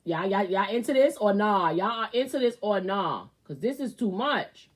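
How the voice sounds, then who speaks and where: A woman hosting a casual advice show, reading a viewer's letter aloud and reacting with loud outbursts and muttered asides. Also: mid-range voice, animated, moderate pace, slightly rough. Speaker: host.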